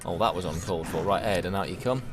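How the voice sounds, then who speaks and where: A man's voice: deep voice, quick pace, over music. A man giving chatty, self-deprecating commentary while streaming a game and answering chat. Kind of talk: casual gameplay commentary.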